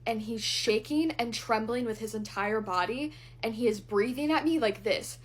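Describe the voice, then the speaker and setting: A woman's voice: fairly high pitch, moderate pace, husky. A young woman vlogger telling a personal story in a candid, blunt way while doing her makeup, with the odd swear word.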